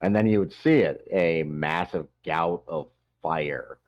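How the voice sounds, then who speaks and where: A man running a tabletop game as game master, describing scenes in a relaxed way with frequent ums. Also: sits low, slow, no room sound, highs cut off.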